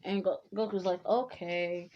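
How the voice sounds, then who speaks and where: A woman improvises a fan story, rambling and stopping often to rework the plot. Her voice sits fairly high. The recording is dull and lo-fi. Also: a little slow.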